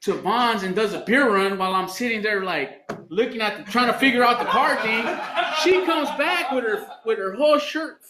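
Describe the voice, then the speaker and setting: A man's voice: sits high, expressive, normal speed, sharp tone. A man in a recovery program sharing his story at a meeting, swearing and laughing as he tells it. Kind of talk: candid share at a recovery meeting. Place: meeting room. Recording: echoey room, faint background noise.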